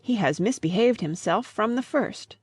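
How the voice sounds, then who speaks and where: A woman's voice: mid-range voice, lively intonation, moderate pace, husky. A woman voicing a flustered, proper young lady in an audiobook, exclaiming in a raised voice. The sound is dry and close, with no room echo. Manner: agitated, exclaiming. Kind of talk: audiobook reading.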